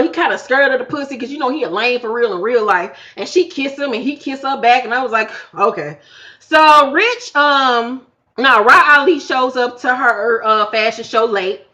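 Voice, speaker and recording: A woman giving a casual, profane episode review, acting out the cast's lines in animated bursts. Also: fairly high pitch. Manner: animated, profane, acts out quotes. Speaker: reality TV recap vlogger. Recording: dull lo-fi home recording.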